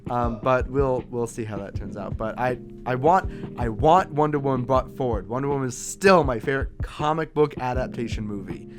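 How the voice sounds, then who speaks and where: A man with a middling voice co-hosts a casual podcast chat. He talks haltingly and his sentences trail off quietly, with guitar music audible behind him. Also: medium pitch. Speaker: podcast co-host.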